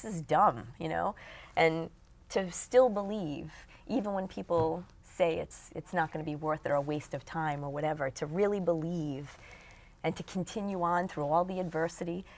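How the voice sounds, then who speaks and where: A woman guest in an interview, telling a story in an animated way and acting out what people said. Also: fairly low pitch. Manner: animated storyteller, acts out quotes.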